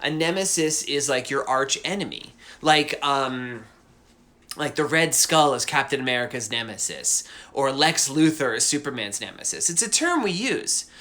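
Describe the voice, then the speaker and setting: Cartoonist hosting a live stream from home: man, a touch high-pitched, rambling, enthusiastic. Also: pushed and bright. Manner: rambling, enthusiastic, lots of asides. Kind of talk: casual livestream chat.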